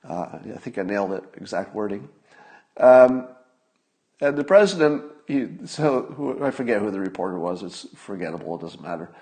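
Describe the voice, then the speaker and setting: A man's voice: on the low side, lively intonation, normal speed, darkish tone. A man hosting a solo podcast, talking casually in a wry manner, with asides and restarts. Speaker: podcast host.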